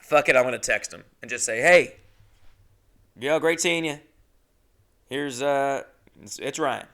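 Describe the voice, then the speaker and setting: A young adult man hosting a podcast tells a funny story by himself, indignant and cursing, his tone bright and forceful. He takes his time, leaping into high, exaggerated voices whenever he quotes someone.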